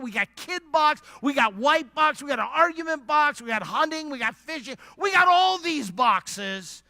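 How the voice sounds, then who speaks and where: A man preaching in a church with a strikingly high voice, delivering an emphatic, direct sermon. His tone is bright and pointed, and he often repeats lines to drive them home. The recording is close and dry. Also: no room sound. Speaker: conference speaker.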